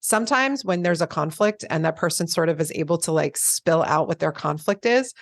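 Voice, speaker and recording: A woman in her forties, an attorney being interviewed, speaking calmly and evenly and acting out the lines of people she has dealt with. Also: low voice, no echo. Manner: calm, measured, acts out quoted dialogue. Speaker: attorney guest. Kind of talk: conversational interview answers.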